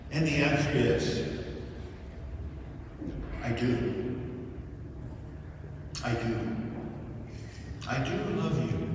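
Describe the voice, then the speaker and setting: A man, a priest, giving a homily at a mass and telling a story in an animated way. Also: mid-range voice, a little hiss or hum. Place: large old mission church. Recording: echoey church, distant mic.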